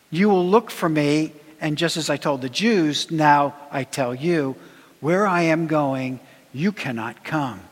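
A man preaching a sermon in a measured, emphatic way, his voice dropping low at the ends of phrases. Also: a bit bright. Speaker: pastor. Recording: long reverb of a church hall.

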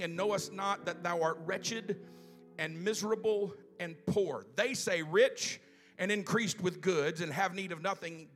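A man preaching a sermon in church, reading scripture slowly with drawn-out emphasis and building to loud, fervent exhortation. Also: high-pitched. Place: church sanctuary.

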